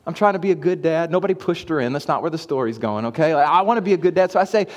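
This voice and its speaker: A man in his thirties, a pastor preaching a sermon and telling a family story, moving from hushed to excited. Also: on the high side, rapid-fire, few pauses. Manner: storytelling, swings from hushed to hyped. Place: church sanctuary. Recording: long church hall reverb.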